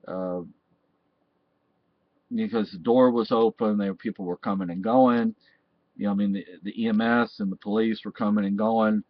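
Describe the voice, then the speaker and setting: A man's voice: fairly low pitch, fairly even intonation, moderate pace, long pauses. Man, rambling monologue, repeats himself, muffled lo-fi sound. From Texas. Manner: rambling, repeats and restarts phrases. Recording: dull, dry lo-fi recording.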